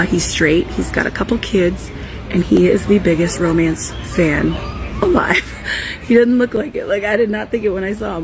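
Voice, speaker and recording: A woman author recording a quick video message at an airport, bubbly and imitating someone else's voice as she tells a story. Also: mid-range voice, rough recording.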